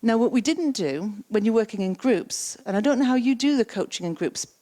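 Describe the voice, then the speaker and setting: A woman gives an interactive keynote talk on coaching. She repeats the audience's words back to them and asks quick follow-up questions. Her delivery is conversational and lively. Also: a little high. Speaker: keynote speaker and coaching trainer. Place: conference stage.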